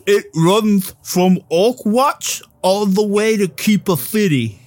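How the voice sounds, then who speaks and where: Brief: man playing a gruff, formal fist-fighting priest, slow delivery, dry close mic. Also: sits high, a little mellow, no echo, voice pushed up. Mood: boastful. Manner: slow, stiff and formal, gruff tough-guy drawl. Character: burly male warrior priest, martial-arts devotee, proud. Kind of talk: tabletop game role-play.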